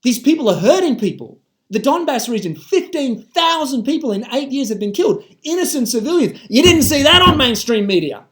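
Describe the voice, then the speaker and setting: A man's voice: very high-pitched, very animated, brisk, fairly bright tone. An Australian man in an impassioned monologue to camera, emphatic and swearing casually.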